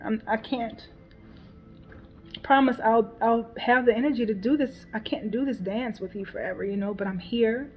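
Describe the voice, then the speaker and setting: A woman's voice: a little high, moderate pace, slight background noise. A woman talking as a mother in a casual personal vlog, emotional and repetitive, swearing and laughing bitterly as she talks things through. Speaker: mother venting on her channel. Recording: dull lo-fi sound.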